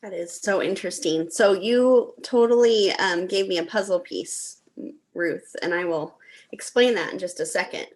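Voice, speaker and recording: A woman's voice: lowish voice, normal speed, a little mellow. A middle-aged woman hosting a talk, telling a personal story in a chatty way with frequent ums. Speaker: host.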